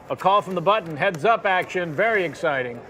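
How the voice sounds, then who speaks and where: A man telling comic anecdotes in casual table talk during a poker game at a casino, self-deprecating and quick with punchlines. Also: high-pitched, animated, sharp tone, a little hiss or hum. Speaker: celebrity poker player and guest.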